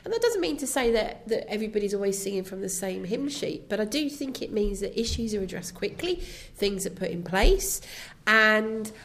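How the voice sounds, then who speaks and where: Woman, croaky gravelly voice, quick casual podcast talk. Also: medium pitch, animated, a bit bright. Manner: quick, laughs easily. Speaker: podcast co-host.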